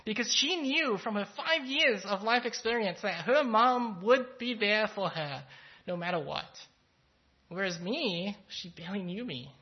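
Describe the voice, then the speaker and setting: A pastor giving a conversational sermon, telling a story in a relaxed, thoughtful way with frequent fillers. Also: mid-range voice, unhurried. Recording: slightly dull, lo-fi sound.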